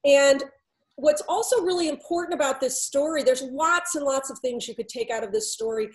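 A woman's voice: high voice, normal speed, poor audio. A middle-aged woman consultant recounting a story in a storytelling talk, relaying back-and-forth dialogue between herself and others. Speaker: workplace consultant.

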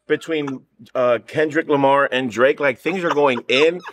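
A man's voice: mid-range voice, unhurried. A man co-hosting a casual chat show, giving easygoing opinions with frequent laughs. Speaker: co-host.

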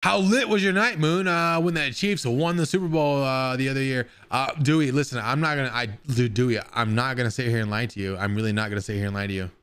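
A man's voice: mid-range voice, quick pace, few pauses, fairly bright tone, clear, resonant tone. A man streaming live, chatting casually with his viewers in a rambling way and swearing now and then.

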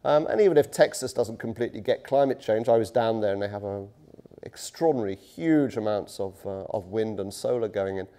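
A man's voice: fairly low pitch, lively intonation, brisk, mellow. A middle-aged man giving a university lecture in a conversational, self-deprecating way, with many fillers and restarts. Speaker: guest lecturer. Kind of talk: public lecture. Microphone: touchy handheld mic.

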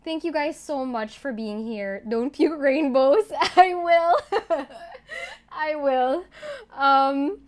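A woman streaming a game live, excitable and giggly, shaky and overwhelmed as she thanks her chat. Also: sits high, takes it slowly. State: shaky and overwhelmed, near tears.

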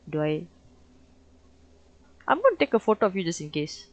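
A young woman with a Malaysian English accent, commentating a horror game, jumpy and swearing constantly with loud startled reactions. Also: fairly low pitch, very animated, normal speed. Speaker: gaming streamer.

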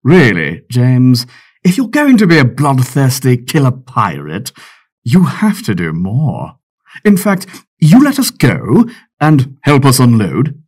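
A man's voice: medium pitch, wildly swooping pitch, takes it slowly, darkish tone, slightly rough, heavily acted. A man voicing a weary, dry navy captain in an audiobook, exasperated and lecturing. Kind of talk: audiobook character voice.

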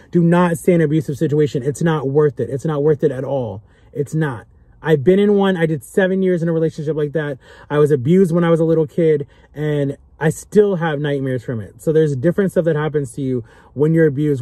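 Young man, emotional, pleading, repetitive, higher-pitched voice, mellow tone. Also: fairly quick, no echo. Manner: earnest and pleading, repeats phrases for emphasis. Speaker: vlogger. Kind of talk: impassioned direct-to-camera talk.

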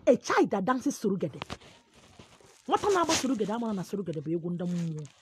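A woman with a Nigerian Igbo accent gives a forceful, preachy monologue, switching between pidgin and Igbo. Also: medium pitch, sing-song, quick pace, noisy background. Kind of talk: animated monologue.

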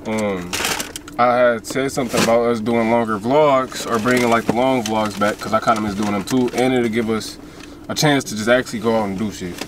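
A man's voice: fairly even intonation, fairly quick, a crowd in the background. A young man co-hosting a couple's mukbang vlog, chatting casually in slang from inside a car. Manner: laid-back, slangy, swooping pitch.

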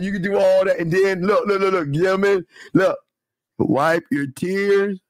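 A man hosting a casual talk show, animated and preachy, often repeating himself. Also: high-pitched, a little slow, dry recording, studio quality. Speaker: podcast host.

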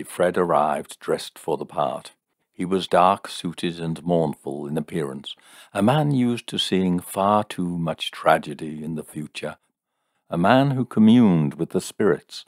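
Deep gravelly storyteller. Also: male voice, no room sound, clean studio sound. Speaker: narrator. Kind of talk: audiobook narration of a short story.

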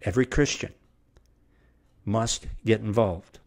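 A man's voice: lowish voice, takes it slowly, gravelly, a little mellow. A middle-aged man preaching a verse-by-verse Bible sermon with an emphatic, repetitive cadence.

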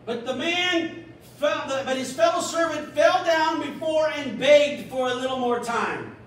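A man preaching a sermon as pastor, animated, acting out a scripture story in quick little voices. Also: very high voice, slight background noise. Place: church. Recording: echoey church room from a distance.

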